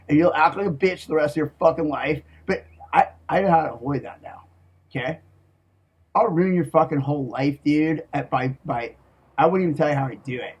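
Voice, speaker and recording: A man with a somewhat high, husky voice rants in a profane, menacing monologue. He talks slowly and emphatically, leaning on his words and tagging his threats with a questioning "okay?". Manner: profane and menacing, with heavy swearing; slow, emphatic, repeats "okay?". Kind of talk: ranting monologue.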